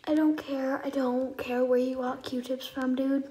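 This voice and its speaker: A woman's voice: sits high, level tone, a little slow, dark tone. A woman reacting to a video in blunt, exasperated and sarcastic commentary. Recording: echoey room, faint hiss.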